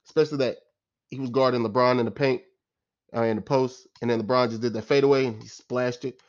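Man, exasperated sports fan, casual rant, slangy and repetitive, mid-pitched voice, dull lo-fi recording. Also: steady tone, fast. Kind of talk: casual post-game rant.

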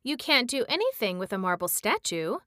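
A woman's voice: on the high side, sing-song, fairly quick, pushed and bright, dry recording. A fretful young boy in a storybook, pleading and worried, acted by a woman reader. The voice sits a little above her usual tone and carries more push. The recording is dry and close. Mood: anxious. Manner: anxious, pleading.

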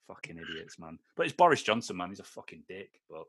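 A man's voice: low-pitched, big pitch swings, quick pace, breathy edge, no room sound, clean studio sound. A man from Britain hosting a podcast in loose, sweary, casual chat, often acting out other people in quotes. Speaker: podcast host.

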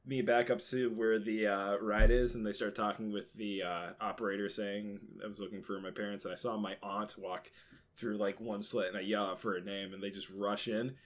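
A man's voice: on the low side, little pitch movement, normal speed. A young man telling a childhood story in casual chat, hesitant and full of fillers.

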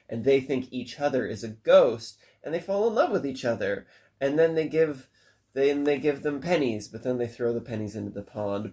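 A man's voice: mid-range voice, a little mellow. A man casually retelling a cartoon plot in long run-on sentences, rambling and occasionally swearing. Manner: rambling, run-on, profane, breathless recap. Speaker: storyteller recapping a cartoon. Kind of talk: casual chat.

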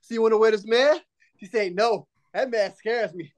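This podcast host is a man with a high voice who speaks at a moderate pace while telling a long story in casual chat. He laughs often and jokes and swears freely, playing other people's lines in changed voices with animated energy.

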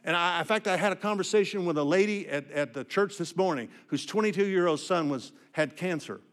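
An older male preacher with a slightly high voice delivers a personal sermon a little fast. He tells his story with raw emotion, hushing for heavy moments and rising emphatically to drive his points home.

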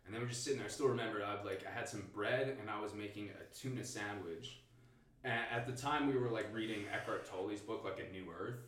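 Recorded on a distant mic in an echoey room, this comedian guesting on a podcast tells a story in a relaxed way, peppered with swearing and frequent "like"s. He speaks a little fast in a lowish voice with a fairly bright tone.

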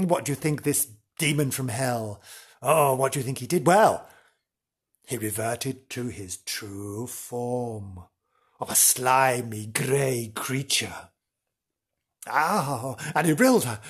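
A man with a husky voice telling an old legend with a wink, stepping out of the story for jokey asides. His pitch sits in a middle range, and he paces the tale for suspense. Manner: theatrical, jokey asides, chuckles. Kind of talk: playful storytelling narration.

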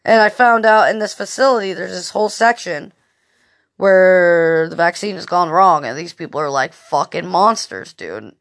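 A woman's voice: lowish voice, normal speed, a bit bright. Lady rambling on her podcast, cussing constantly, super casual storytelling. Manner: profane, rambling storytelling with lots of fillers. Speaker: podcast host. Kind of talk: casual monologue.

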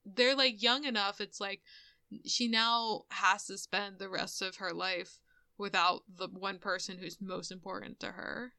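Woman co-host, casual movie recap, sharp and clear tone, emotional and swearing freely. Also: mid-range voice, measured pace, no room sound, studio quality. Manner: animated and profane, crying over the ending.

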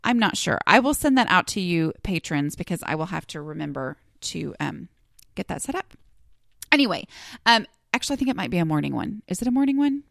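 A woman hosting her own podcast, talking casually and rambling, with lots of ums and quick self-corrections. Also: lowish voice, sing-song, vocal fry, a bit bright, no room sound, clean studio sound. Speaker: podcast host. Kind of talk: casual solo podcast talk.

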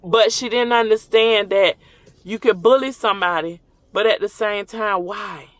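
A man's voice: high-pitched, normal speed, a bit bright, dry recording. A middle-aged man hosting a show, telling a rambling, conversational story from his car at a drive-thru. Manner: rambling, conversational, acts out remembered dialogue. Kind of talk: casual storytelling while ordering at a drive-thru.

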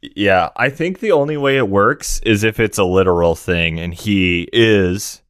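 Deep-voiced jokey male podcaster. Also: clean tone, dry recording, studio quality. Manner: jokey, deadpan asides, quick to correct facts. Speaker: podcast co-host. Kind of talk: casual film review chat.

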